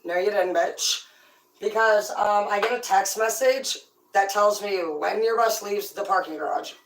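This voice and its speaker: A woman's voice: mid-range voice, slight background noise. A woman hosting a tarot channel, ranting casually with brash, profane, rambling talk. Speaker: tarot reader and host. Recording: echoey room, voice far from the mic.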